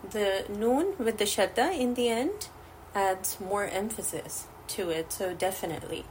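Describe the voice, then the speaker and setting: Slow, patient woman teaching word by word. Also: mid-range voice, darkish tone, slight background noise, poor audio. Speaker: Arabic teacher. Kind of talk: word-by-word Quranic Arabic lesson.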